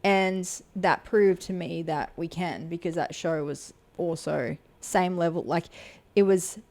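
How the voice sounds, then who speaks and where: A woman's voice: lowish voice, a little slow, darkish tone. A woman, a fight promoter co-hosting a podcast, chatting casually in a rambling way, swearing freely and acting out quotes.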